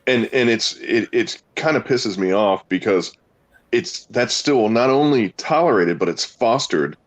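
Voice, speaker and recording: A man's voice: mid-range voice, expressive, measured pace. A man on a stream call speaking emphatically and with irritation in casual chat. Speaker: stream participant.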